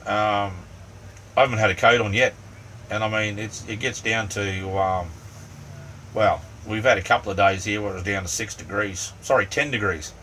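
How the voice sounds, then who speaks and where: A man's voice: fairly low pitch, fairly even intonation, moderate pace, bright, forceful tone. A middle-aged Australian man chatting casually with his livestream viewers from inside his camper, rambling and easygoing with lots of ums and "mate". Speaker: livestream host. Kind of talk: casual live chat with viewers. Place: inside a small camper van. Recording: distant mic, faint fan hum. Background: fan running.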